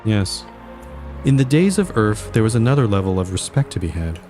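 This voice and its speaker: A man voicing a formal, stiff female angel guardian in measured, flat tones, reading game dialogue aloud. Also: fairly low pitch, faint music behind. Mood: formal, detached.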